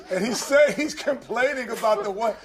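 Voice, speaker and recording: A man's voice: extremely high pitch, over a noisy crowd. A man, a studio analyst, who teases the others and quotes them back in casual panel chat. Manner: teasing, quick to quote others.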